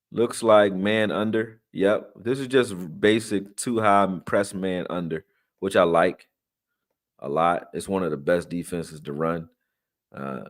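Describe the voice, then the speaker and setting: A man with a somewhat low voice talks through game clips for his channel in a loose, slangy way, full of fillers and restarts. He sounds tired and yawns, yet keeps up a casual running commentary. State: tired, yawning. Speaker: sports channel host breaking down game film. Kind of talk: casual live film breakdown.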